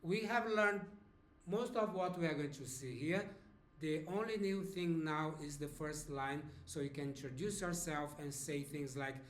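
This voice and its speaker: In a reverberant room, a Brazilian man in his fifties speaks in a somewhat high voice with a Brazilian Portuguese accent. He takes beginners through a language lesson slowly and patiently, checking in with "okay?".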